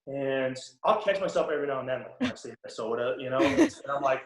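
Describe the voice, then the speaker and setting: A young man with a Boston accent, a guest in a casual interview, relaxed and rambling with many ums and restarts. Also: mid-range voice, fast. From Boston area. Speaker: podcast guest, pro hockey player. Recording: roomy echo.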